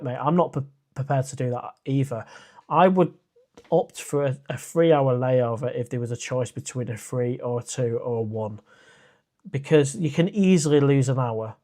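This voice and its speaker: This is a man, sitting in on his own casual live stream and answering viewer comments. His voice sits at an everyday middle pitch. He talks in a loose, rambling way, stopping often to restart a thought or fill a gap with "uh.". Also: a little mellow. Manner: chatty and rambling, with frequent "uh" and restarts.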